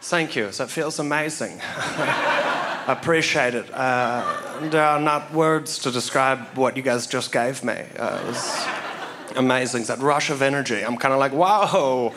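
A man's voice: medium pitch, unhurried. A man doing a live stand-up set on a club stage, ironic and laughing through his jokes. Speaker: stand-up comedian. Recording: live club recording with crowd noise.

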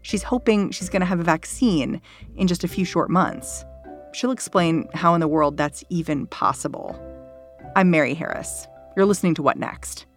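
A woman hosting a news podcast, narrating in a measured, conversational way and asking interview questions. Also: on the low side, faint music behind. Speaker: podcast host.

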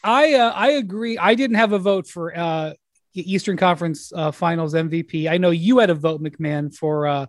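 Middle-aged male podcast host, high voice, dry close sound, relaxed and halting. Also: dry recording. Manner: relaxed, hesitant with many fillers. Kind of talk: casual sports chat.

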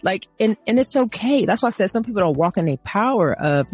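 Husky woman preaching in a rant. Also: fairly high pitch, animated, fast, a little mellow, dry recording, faint music behind. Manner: emphatic, acts out dialogues, laughing asides. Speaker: co-host. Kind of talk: animated faith talk, preaching rant.

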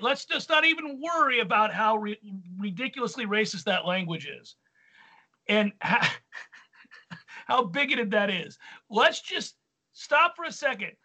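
A man's voice: very high voice, pushed and bright. A man hosting a casual sports talk show, reading listener questions and talking emphatically. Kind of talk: casual sports radio chat.

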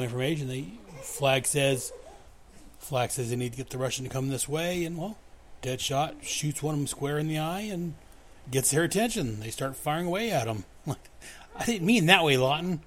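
A man hosting a comic book podcast, recapping the pages in a loose, casual way. He often reads the characters' lines aloud in different voices and breaks into chuckles. His voice sits at an ordinary mid pitch.

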